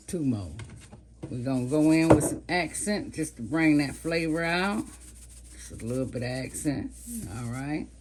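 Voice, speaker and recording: A woman over fifty seasons and fries chicken while chatting casually to her viewers, in the style of a relaxed cooking vlog. Her voice is low and a little mellow, with slight background noise.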